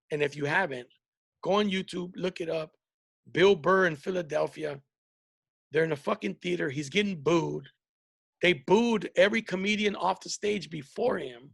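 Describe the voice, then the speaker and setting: A man's voice: on the high side, vocal fry, fairly bright tone, husky, no echo, studio quality. A man hosting a podcast as a comedian, telling rambling, profane stories in casual chat with many restarts.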